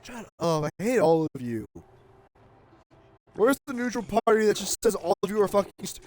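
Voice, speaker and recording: High, animated man ranting heatedly. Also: moderate pace, a little hiss or hum. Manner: heated, profane, often shouting. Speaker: gaming streamer. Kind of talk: casual rant while streaming a game.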